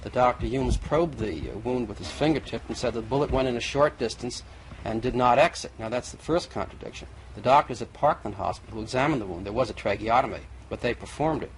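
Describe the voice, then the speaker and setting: A man's voice: mid-range voice, fast. A man arguing as a guest in a televised debate, insistent and methodical, in an old TV recording. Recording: faint noisy old TV recording.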